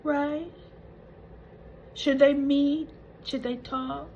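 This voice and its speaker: A woman's voice: high voice, level tone, extremely slow, darkish tone, muffled recording, a little hiss or hum. A woman hosting a soap opera recap, retelling scenes in a chatty, opinionated way.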